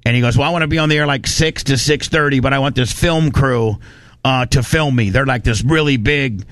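A man hosting a radio show, telling a story in a fired-up, animated rant and quoting people as he goes. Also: medium pitch, a little fast, dry recording. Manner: animated, fired-up, quotes people in his retelling. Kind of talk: casual on-air storytelling rant.

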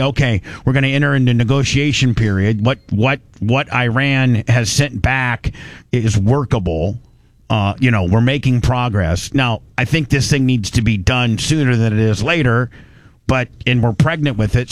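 A man's voice: mid-range voice, no echo. A man hosting a radio talk show, crude and mocking, rambling with frequent restarts. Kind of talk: blunt talk-radio commentary.

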